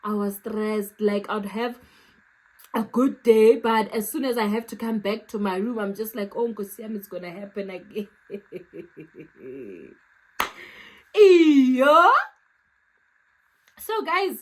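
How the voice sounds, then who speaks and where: A young South African woman with a South African accent, telling a storytime vlog with animated, dramatic acted-out reactions. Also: a little high, slow pace, long pauses, poor audio. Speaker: YouTuber.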